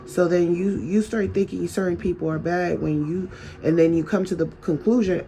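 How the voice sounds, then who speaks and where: A man's voice: sits high, steady tone, normal speed, creaky, warm tone. A man talking straight to his viewers in a casual advice monologue, chatty and full of rhetorical questions. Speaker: vlogger.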